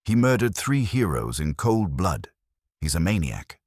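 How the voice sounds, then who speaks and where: A man voicing a shaken, fretful young man in a thin, anxious voice, pitched above his own. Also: big pitch swings, unhurried, darkish tone, no room sound, clean studio sound, heavily acted.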